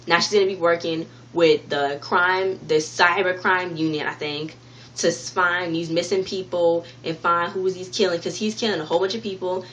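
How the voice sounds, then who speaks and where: A woman with a slightly low voice recaps a TV episode for her viewers in a loose, rambling way. She circles back, repeats herself and restarts her sentences as she goes. Faint room noise sits under her voice. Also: fairly bright tone. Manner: rambling, repeats and restarts while retelling the plot; talks directly to viewers. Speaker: TV review vlogger. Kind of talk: casual spoken episode recap.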